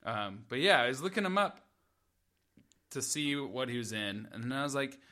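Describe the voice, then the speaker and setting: A man's voice: mid-range voice, very animated, moderate pace, pushed and bright. A man co-hosting a casual comedy podcast, bantering playfully and laughing often. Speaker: podcast co-host.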